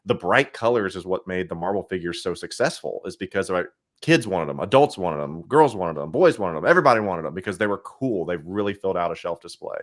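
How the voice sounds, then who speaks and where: A man talking casually as a podcast guest in a relaxed, explanatory way. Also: sits low, a little fast. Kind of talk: casual chat.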